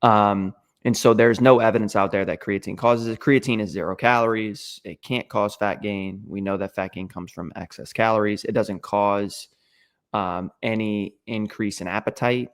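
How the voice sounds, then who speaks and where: A young man with a lowish voice explains fitness in a casual podcast chat. He talks in an emphatic, sure way, with lots of "um"s. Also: fairly even intonation, moderate pace, few pauses. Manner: emphatic, confident, lots of fillers. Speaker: fitness coach.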